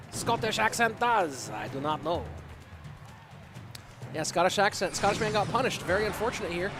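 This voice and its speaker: A man casting a live esports match on his own, answering chat between excited play calls. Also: high-pitched. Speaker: esports caster. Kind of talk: solo live esports commentary with chat reading. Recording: loud music behind voice.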